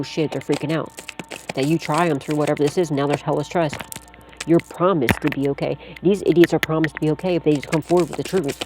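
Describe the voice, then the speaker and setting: A woman's voice: deep voice, background noise. A woman giving a casual psychic tarot reading, talking straight to the listener in a blunt, slangy way and swearing freely while reassuring them. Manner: reassuring, addresses the listener directly.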